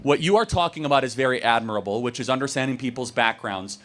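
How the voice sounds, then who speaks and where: Man, debate host, assertive, fast-talking, sarcastic edge. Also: medium pitch, a bit bright, a little hiss or hum. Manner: quick, assertive, sarcastic at times. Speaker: debate host taking audience questions. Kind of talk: campus debate.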